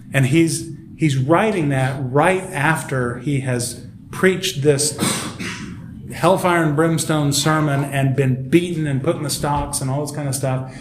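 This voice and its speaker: A man with a medium-pitched voice leads a Bible study class in a church room, teaching casually within a group discussion. Animated and laughing often, he acts out quotes, and the echoey recording picks up background noise and group chatter.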